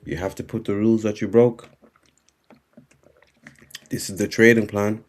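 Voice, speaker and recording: A man giving a live-streamed trading lesson, speaking slowly and repeatedly checking in with his viewers. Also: lowish voice, level tone. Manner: unhurried, repeating "right?" and "guys" to the chat. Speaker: trading instructor.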